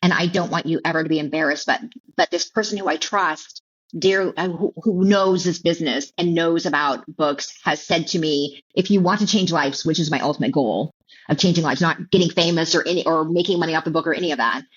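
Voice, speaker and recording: A middle-aged woman telling her personal story as an interview guest, halting and emotional, with many restarts and repeated words. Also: low-pitched, slightly rough. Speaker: author and keynote speaker, guest. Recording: dull lo-fi audio.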